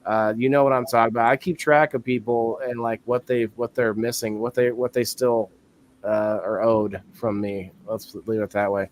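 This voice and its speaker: A man's voice: mid-range voice, flat delivery, moderate pace. A man in his thirties hosting a live-stream talk show in casual chat, rambling and thinking aloud with easy laughs.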